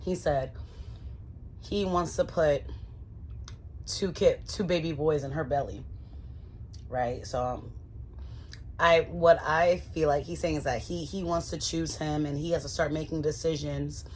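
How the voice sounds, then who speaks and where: Woman vlogger with a deep voice, chatty casual recap delivered straight to viewers. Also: fairly even intonation, unhurried, long pauses, a little mellow, a little hiss or hum. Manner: chatty, addresses viewers as y'all.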